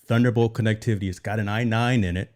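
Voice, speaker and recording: A man's voice: on the low side, fairly even intonation, fast, a little mellow. A man co-hosting a casual tech talk show with easygoing, playful banter. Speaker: co-host.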